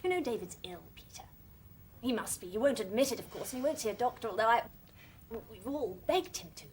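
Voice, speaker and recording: An actress playing an earnest, determined young woman in a period television drama, brisk and insistent. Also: a little high, expressive, a little mellow, close to an everyday voice.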